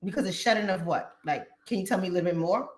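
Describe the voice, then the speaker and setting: A woman hosting her channel, chatting casually and talking straight to her viewers in an animated way. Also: fairly low pitch, quick pace. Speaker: channel host. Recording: roomy echo.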